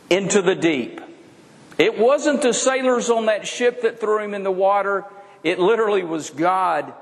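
A pastor preaching a sermon, drawing out his phrases and swinging between soft and emphatic. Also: sits high. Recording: long reverb of a large hall.

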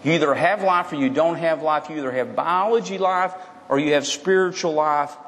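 Emphatic preacher in an echoing hall. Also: male voice, on the high side, normal speed, fairly bright tone. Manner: emphatic, repeats key phrases, frequent restarts. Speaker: pastor. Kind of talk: expository sermon.

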